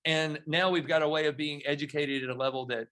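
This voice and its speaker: A middle-aged man speaks as a guest on a podcast interview, his voice bright and forward and sitting a little high. He tells his stories with energy and slips into the other people's voices when he quotes them. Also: fast talker. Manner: storytelling, animated when acting out dialogue.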